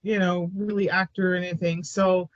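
A woman's voice: lowish voice, little pitch movement, moderate pace, dry recording, lo-fi sound. A Canadian woman co-hosting a podcast in casual chat, laughing often and hesitating with lots of fillers. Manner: giggly, hesitant, many fillers. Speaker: podcast co-host.

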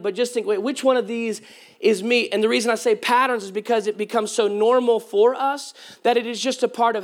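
A man preaching a sermon as pastor, telling humorous stories to his congregation. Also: high-pitched. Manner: humorous, animated storytelling to a congregation. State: voice cracking at times.

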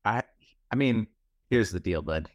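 Laid-back low-voiced man telling stories. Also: animated, a little slow, no echo. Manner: laid-back storyteller, hedges with "like". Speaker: podcast co-host. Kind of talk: casual chat.

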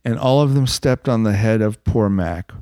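A man with a lowish voice reads a bedtime story aloud in a playful way, dropping deadpan jokes between lines. The sound is very dry and close. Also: moderate pace, no room sound.

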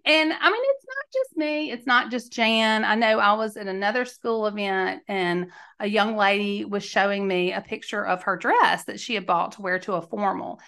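A woman hosting a podcast delivers a candid storytelling monologue in a chatty, emphatic manner, laughing mid-sentence. Her mid-range voice is gravelly and a bit bright, and she speaks at a moderate pace.

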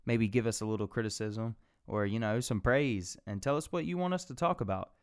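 A young man telling an animated, profane story on a casual podcast and acting out the voices of the people in it. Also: on the low side, fairly quick.

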